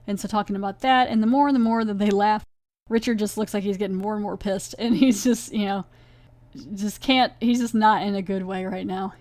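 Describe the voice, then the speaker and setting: A woman's voice: medium pitch, fairly quick, dry recording. Chatty woman recapping a TV episode. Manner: chatty, animated, retells scenes with quoted voices. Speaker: podcast host reviewing a TV episode.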